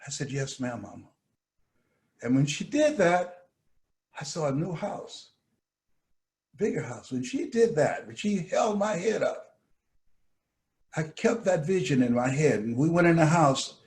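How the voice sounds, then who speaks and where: Animated storytelling man from Miami. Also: on the high side, measured pace, pauses often. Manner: animated, acts out voices. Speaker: motivational speaker. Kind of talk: dramatic personal storytelling.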